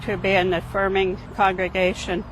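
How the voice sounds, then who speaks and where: A man, a longtime church member, giving a plain personal testimony with some halting restarts. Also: high-pitched, completely flat delivery, noisy background.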